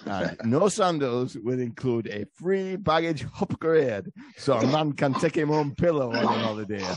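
A man's voice: medium pitch, darkish tone, no room sound. A man putting on a drawling ad voice. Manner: slow, drawling ad read in broken dialect. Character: laid-back Rastafarian man reading a resort ad.

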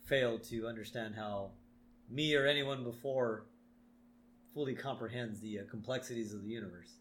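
A man co-hosting a podcast, casually recapping a cartoon episode and often trailing off quietly. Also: mid-range voice, moderate pace, a little hiss or hum. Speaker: podcast co-host.

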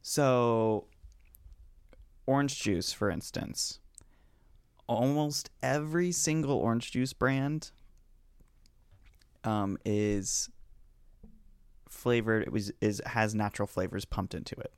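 A man's voice: mid-range voice, slow, pauses often, smooth, no room sound. A man co-hosting a casual chat, explaining facts and teasing the others. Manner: explains things in a teasing, matter-of-fact way.

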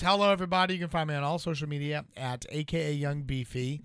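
A man's voice: fairly high pitch, fairly even intonation, fast talker, few pauses, fairly bright tone, clean tone. A man who is a stand-up comedian, guesting on a podcast, laid-back and agreeable, plugging his upcoming shows. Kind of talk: casual podcast chat.

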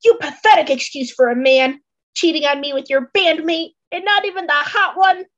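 A woman's voice: high-pitched, animated, slow, sharp tone, highs cut off, voice pushed up, exaggerated voice. A woman voicing a jealous, furious young woman who shrieks her accusations.

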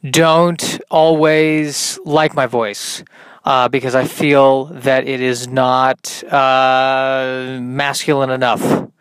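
A young man with a high tenor voice hosting a solo podcast, rambling in a dry, self-mocking way with many ums and restarts. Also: fairly bright tone, smooth, no room sound. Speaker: podcast host. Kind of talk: solo comedic podcast monologue.

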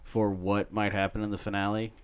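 A man's voice: on the low side, little pitch movement, a little fast, smooth. A man co-hosting a podcast in casual chat, rambling and ranting with plenty of swearing. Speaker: podcast co-host.

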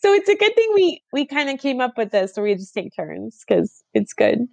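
A woman's voice: on the high side, very animated, moderate pace, creaky, dry recording, dull audio. A woman in her thirties co-hosting a podcast, talking casually and reflectively with frequent laughs. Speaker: podcast co-host. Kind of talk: casual chat.

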